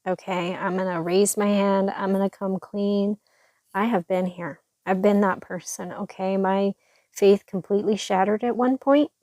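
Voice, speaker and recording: A woman's voice: medium pitch, fairly even intonation, moderate pace, mellow, no room sound. A woman hosting a devotional podcast, speaking earnestly and encouragingly with a stuffy, congested voice. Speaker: podcast host.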